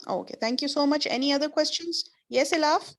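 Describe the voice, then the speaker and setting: A woman's voice: high-pitched, fairly quick. A woman teaching an online class over a video call, explaining words patiently with examples and encouraging her students.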